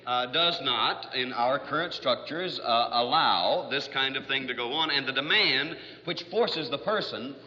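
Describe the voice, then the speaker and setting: A man's voice: mid-range voice, a little slow, hardly any pauses, bright, forceful tone, slight background noise. A man giving a rambling lecture full of fillers, telling jokes with acted voices, in an old archival recording. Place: lecture hall. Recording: distant hall, dull archival lo-fi recording.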